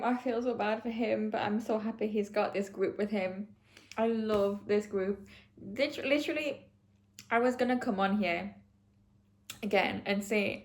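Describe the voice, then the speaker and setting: A young woman chatting to camera about books she is reading. She gushes with feeling and says "like" a lot. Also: medium pitch. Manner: gushing and emotional, often saying "like". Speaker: book vlogger. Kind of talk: casual reading vlog. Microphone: camera mic. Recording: roomy echo.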